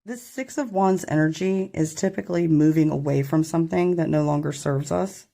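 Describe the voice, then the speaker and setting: A woman's voice: sits low, moderate pace, gravelly, mellow. A woman giving a casual tarot reading to her camera, chatty and rambling, apologizing when she gets tongue-tied. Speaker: tarot reader. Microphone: camera mic.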